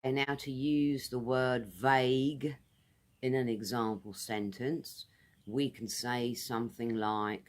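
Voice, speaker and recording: A woman's voice: very deep voice, fairly even intonation. A British woman giving a casual English vocabulary lesson outdoors, repeating each word carefully for pronunciation. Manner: friendly, repeats words slowly for pronunciation. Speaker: English teacher.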